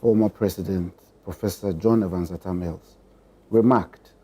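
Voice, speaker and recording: A man speaking as a political panelist, choosing formal words with deliberate pauses. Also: low voice, steady tone, warm tone, husky. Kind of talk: panel discussion.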